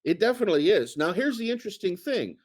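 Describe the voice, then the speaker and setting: A man's voice: sits high, big pitch swings, fast, husky. A man co-hosting a casual chat, talking in a rambling way with many fillers and restarts. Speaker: co-host.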